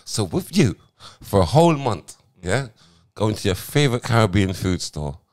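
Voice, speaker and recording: Guy in his 40s, low voice that jumps all over, laughing and arguing with his cohost. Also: normal speed. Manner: animated, laughing, cuts in to argue his point. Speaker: podcast co-host. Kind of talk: casual banter.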